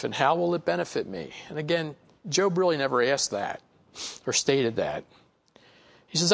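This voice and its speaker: A man's voice: high voice, creaky. A man teaching a Bible study, reading passages aloud and commenting on them in a conversational way, with frequent "you know" asides.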